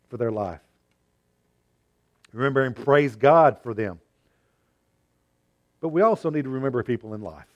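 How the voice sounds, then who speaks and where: Male pastor giving a sermon, earnest, loud then quiet. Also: mid-range voice, lo-fi sound. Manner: earnest, swings from emphatic to hushed.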